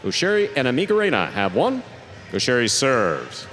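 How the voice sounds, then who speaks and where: A man's voice: huge pitch swings, a bit bright. A man working as arena announcer and play-by-play commentator, calling out player introductions and then the action of the match. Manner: drawn-out booming name calls during introductions; quick, lower play-by-play calls. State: out of breath after introductions. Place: indoor jai-alai fronton. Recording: long hall reverb, faint arena noise.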